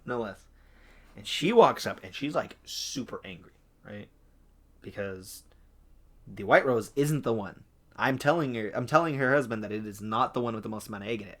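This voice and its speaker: Young man, casual podcast storytelling, animated, acts out quoted voices, home mic. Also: fairly low pitch. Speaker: podcast co-host.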